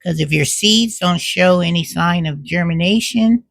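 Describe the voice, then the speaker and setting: A woman's voice: lowish voice, a little slow, vocal fry, no echo, clean studio sound. A woman chatting casually to camera at home as a cooking and gardening vlogger, drawing out her words and calling viewers "child" and "y'all".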